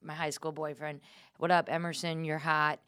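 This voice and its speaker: Young woman comic rambling thru stories, lowish voice, does little voices for everyone, dry close mic. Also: level tone, moderate pace, a bit bright, clean tone, no echo. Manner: self-deprecating, acts out voices in anecdotes. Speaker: comedian and podcast host. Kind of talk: casual comedic chat.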